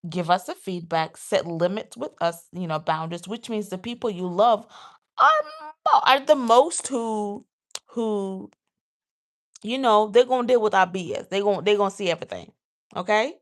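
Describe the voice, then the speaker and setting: A woman vlogger talking casually to her viewers, getting animated and jumping high when she acts out her own outbursts. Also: normal speed. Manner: says "y'all" and "you guys". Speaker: vlogger host. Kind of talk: casual talk to camera.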